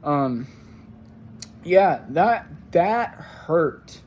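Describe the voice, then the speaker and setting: A young man talking through a rambling personal monologue, halting and full of fillers and swearing, his voice jumping up into pained outbursts. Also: a little high, very animated, darkish tone, slight background noise. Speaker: vlogger.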